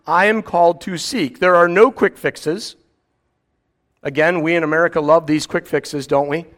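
A middle-aged man, preaching a sermon in a conversational way with quiet asides. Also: fairly high pitch, steady tone, moderate pace. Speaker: pastor.

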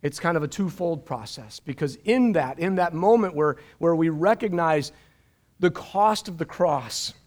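A middle-aged man preaches from a church stage in a fairly high voice. He is animated, stumbles over repeated words and drops jokey asides between points of the sermon. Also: unhurried. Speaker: pastor. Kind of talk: live-streamed sermon.

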